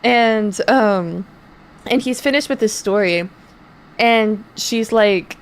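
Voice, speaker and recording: A young woman chats on her stream at a middling pitch, rambling through a story with plenty of fillers and casual swearing. She talks loosely and unscripted into a streaming mic. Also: takes it slowly. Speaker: streamer and voice actor.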